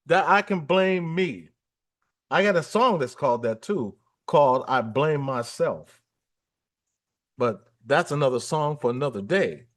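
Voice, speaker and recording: A man's voice: a little high, lively intonation, measured pace. A man hosting a music livestream, talking in a chatty, upbeat, rambling way. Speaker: livestream host. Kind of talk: casual livestream chat.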